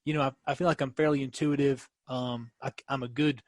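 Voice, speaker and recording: A man's voice: medium pitch, brisk, dry recording. A man, a dentist guest telling stories in a casual podcast chat. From Kentucky. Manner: storytelling, animated, restarts often.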